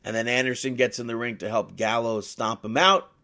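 A man co-hosting a casual chat podcast, rambling and halting, with frequent laughter. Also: mid-range voice, fairly even intonation, pushed and bright. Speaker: podcast co-host.

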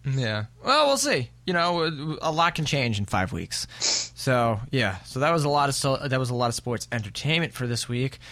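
A man's voice: medium pitch, sing-song, normal speed, bright, forceful tone, no echo. A man hosting a casual podcast chat, leading the talk, asking the others questions and steering to new topics. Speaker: podcast host.

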